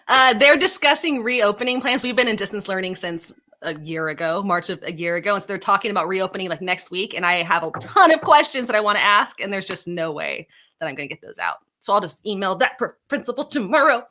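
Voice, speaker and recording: Fast-talking, bright-voiced woman. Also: mid-range voice, expressive. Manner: fast, self-deprecating, calls herself neurotic. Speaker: guest, a parent. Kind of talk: casual chat on a virtual happy hour. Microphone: video call.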